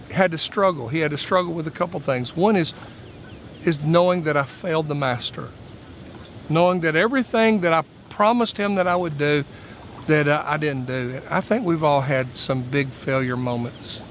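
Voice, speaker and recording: A man's voice: on the high side, fairly bright tone, slight background noise. A man, a pastor preaching a midweek sermon in an earnest way, his voice rising for emphasis.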